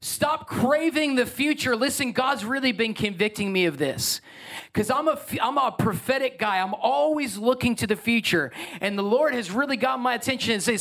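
A male pastor preaching a Sunday sermon in a church, animated and emphatic, with joking asides to the congregation. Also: extremely high pitch, moderate pace. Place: church sanctuary.

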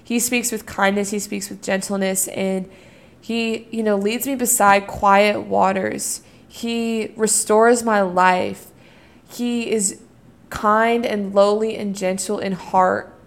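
Earnest young woman sharing faith lessons. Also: medium pitch. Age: young adult. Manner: earnest, reflective, many fillers like "you know" and "like". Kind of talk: casual devotional talk.

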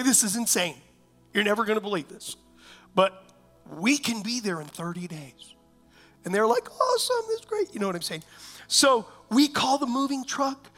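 A pastor preaches a sermon in church with a very high, sharp-toned voice. He tells a personal story and keeps asking the congregation whether they know what he means.

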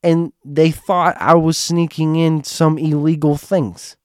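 A man voicing a cranky, foul-mouthed woman with a grudge, complaining slowly and indignantly. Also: a little high, little pitch movement, darkish tone, no room sound, studio quality, voice pushed up. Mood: aggrieved.

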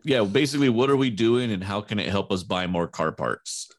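A man's voice: lowish voice, animated, brisk. A young man co-hosting a casual chat, with wry quips that steer the talk.

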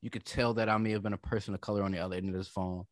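Racing through stories from his day, this podcast co-host curses and does voices for the people in them. He has a lowish voice with fairly even intonation, captured in a dry, studio-quality recording.

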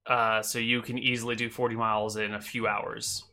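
Bright-voiced male game master. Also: on the low side, fairly quick. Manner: relaxed, hesitant with fillers. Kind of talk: narrating a tabletop game.

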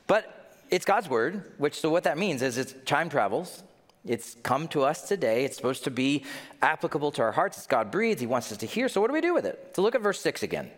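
Playful, lively-voiced preacher in a reverberant sanctuary. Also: male voice, a little high, fairly quick. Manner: playful, jokey, acts out listeners' reactions. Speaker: pastor. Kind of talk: humorous conversational sermon. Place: church sanctuary. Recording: long reverb of a large hall.

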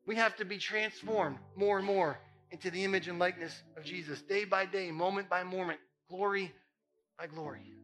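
A man's voice: sits high, steady tone, normal speed, fairly bright tone, faint music behind. A man preaching as a pastor, impassioned and emphatic, repeating phrases for effect. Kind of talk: sermon.

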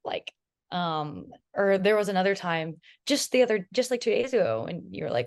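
A woman's voice: medium pitch, quick pace. A young woman guesting on a podcast, chatting casually and telling stories animatedly, quoting others in mimicking voices. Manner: animated storytelling, imitates others, laughs. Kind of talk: casual chat.

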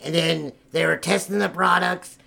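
Gravelly guy rambling crude nonsense, bragging, swearing constantly. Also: sits high, steady tone, moderate pace, bright, forceful tone. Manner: boastful, rambling, profane. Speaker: game show contestant. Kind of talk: crude improvised role-play.

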